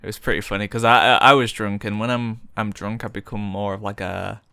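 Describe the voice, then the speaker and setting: A young man tells a rambling story in a loose, chatty way, full of fillers. His voice is forceful and bright, and the sound is dry and close. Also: lowish voice, fairly even intonation, a little fast, vocal fry, clean tone, dry recording. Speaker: streamer. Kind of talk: casual storytelling while gaming.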